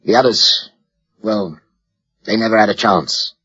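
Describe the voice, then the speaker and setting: A man putting on a worn-out, hoarse cockney radio operator with a weak, grim voice, an audiobook character on a dull, lo-fi recording. the voice sits low and husky. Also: a little slow, sharp tone, full character voice. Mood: bleak.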